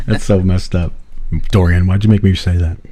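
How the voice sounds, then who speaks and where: Joking podcast cohost guy, low voice that jumps around, cracks up a lot. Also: expressive, a little slow, darkish tone. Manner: jokey, laughs often. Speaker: podcast co-host. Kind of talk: casual podcast chat.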